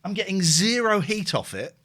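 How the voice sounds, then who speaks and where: Guy ranting casually, bright voice, pitch jumping all over. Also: normal speed. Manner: animated, swearing, exclamatory. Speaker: host. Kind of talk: casual chat.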